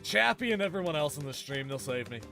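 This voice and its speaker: A male streamer talks casually to his chat while he plays, joking and sarcastic. His voice is bright and swings up and down a lot, with pitch sitting a little high. Faint game music runs underneath. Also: animated, fast, vocal fry.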